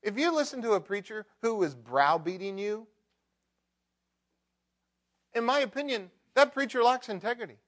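Middle-aged male pastor mid-sermon, slightly high pitch, shifts between soft intimacy and forceful emphasis. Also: expressive, moderate pace, pauses often. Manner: emphatic, swings between loud mock outbursts and hushed prayer. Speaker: preacher.

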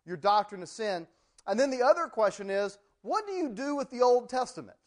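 A man leads a church theology class, and his voice sits notably high for a man. He keeps it loose and joking, talking his way through ideas with plenty of ums and uhs. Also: sing-song, fairly quick. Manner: joking, chatty teaching with many ums and uhs. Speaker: pastor teaching a theology class.

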